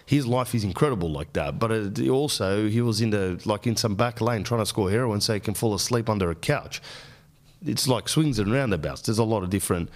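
A man in his thirties with an Australian accent, telling rambling, profane comic stories as a podcast host. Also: lowish voice. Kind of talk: casual comic monologue.

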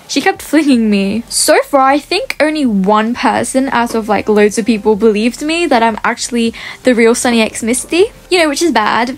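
A young woman giving casual, chatty gameplay commentary as a gaming YouTuber, bubbly and often laughing. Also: on the high side.

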